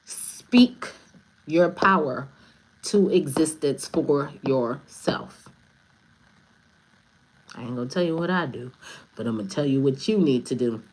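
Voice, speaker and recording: A woman's voice: a bass voice, animated, takes it slowly, pauses often, a little mellow. A woman giving a casual tarot reading on a livestream, blunt and profane, who repeats phrases for emphasis. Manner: preachy, repeats phrases for stress. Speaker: tarot reader and spiritual advisor.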